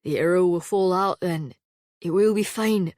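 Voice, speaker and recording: A terse, deadpan immortal swordsman, read by a woman, speaks slightly lower than her usual voice in a calm, dry way. The storybook recording is close and dry. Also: measured pace, no room sound, natural voice. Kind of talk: audiobook character voice.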